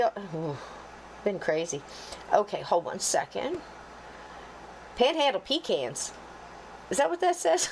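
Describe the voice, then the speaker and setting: Hosting a relaxed livestream, this woman, a podcast co-host, jokes with chat, greets viewers by name with warmth, and mutters while wrestling with her computer. Her medium-pitched voice is sing-song, unhurried and gravelly, with long pauses. The audio is poor, with faint underlying noise.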